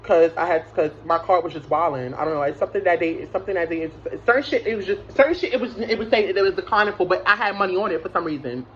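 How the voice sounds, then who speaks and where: A woman's voice: on the low side, very fast, hardly any pauses, a bit bright. A young woman telling a rambling, profane storytime, full of restarts and fillers. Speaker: vlogger. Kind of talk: casual storytime. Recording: slightly dull lo-fi sound with faint noise.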